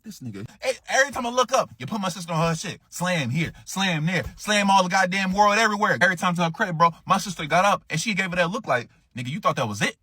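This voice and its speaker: A man telling a story in a casual storytime, animated and profane, acting out what others said. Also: high voice, fast talker, few pauses, slightly rough, no echo, studio quality.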